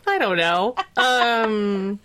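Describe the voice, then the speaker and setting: A woman's voice: medium pitch, extremely slow, a bit bright, clear, resonant tone. A woman co-hosting a podcast in casual chat, easygoing and a little hesitant, with plenty of ums and likes. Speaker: podcast co-host.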